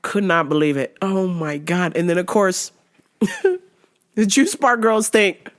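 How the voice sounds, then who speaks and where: Her voice is lowish and unhurried, with frequent pauses. She's a podcast host relating a funny story in a casual chat, and she's animated and profane, with laughter running throughout.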